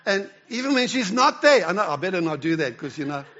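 A man's voice: sits high, sing-song, fast, fairly bright tone, dull audio. A man, a church elder, giving a conversational sermon with frequent restarts and stumbles. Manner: conversational preaching with stammered restarts. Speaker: pastor.

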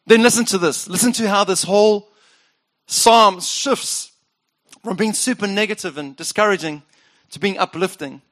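A man preaching a sermon as the pastor, speaking earnestly and personally, and slowing down when he reads scripture aloud. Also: high voice, fairly bright tone.

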